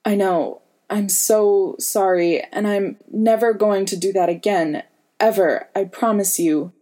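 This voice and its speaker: A woman's voice: medium pitch, steady tone, measured pace, mellow, close to an everyday voice. A woman reading the part of an earnest young male hero who pleads with and reassures his friends. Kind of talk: audiobook reading.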